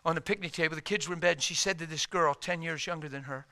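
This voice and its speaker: High, bright-voiced male preacher. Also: fast. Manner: animated, humorous storytelling. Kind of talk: sermon.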